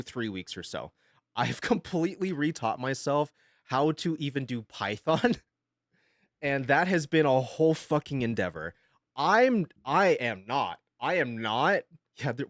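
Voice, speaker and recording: Lively, swearing young male streamer. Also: medium pitch, no room sound, studio quality. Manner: animated and rambling, swears freely, laughs often. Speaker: live streamer. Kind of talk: casual live-stream chat.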